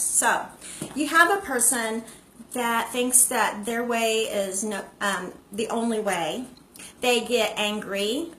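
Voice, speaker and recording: A woman's voice: fairly high pitch, pushed and bright, a little hiss or hum. A woman hosting a live stream, chatting casually to viewers and greeting them by name. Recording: echoey room.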